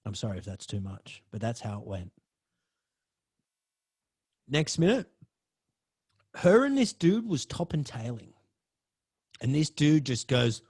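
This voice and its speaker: Male host spinning a dramatic story with swearing, a higher voice that swings all over. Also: big pitch swings, normal speed, long pauses, breathy edge. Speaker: podcast host. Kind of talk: personal storytelling.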